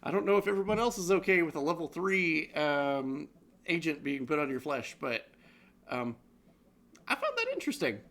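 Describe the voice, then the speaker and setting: A man's voice: on the high side, very animated, moderate pace, a bit bright. A man co-hosting a comedic live-streamed news roundup, rambling and joking, often laughing. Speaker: co-host.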